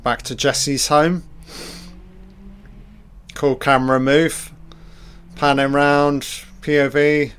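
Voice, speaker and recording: A man's voice: fairly high pitch, level tone, takes it slowly, long pauses, fairly bright tone, smooth. A man giving a casual, crude running commentary on a film. He swears freely and is sardonic. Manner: mimics characters in mock voices.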